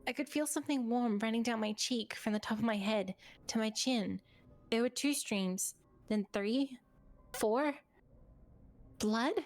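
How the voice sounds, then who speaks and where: A woman streamer reading a horror game's narration aloud in a steady, earnest storytelling way. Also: fairly high pitch, measured pace, pauses often, faint music behind.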